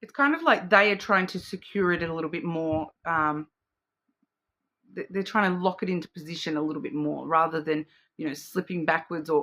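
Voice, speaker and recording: A woman's voice: deep voice, fairly bright tone. A woman giving a casual, rambling card reading to camera, full of fillers and restarts. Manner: chatty and rambling, with frequent fillers, self-restarts and laughs; acts out playful quoted voices. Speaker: card reader.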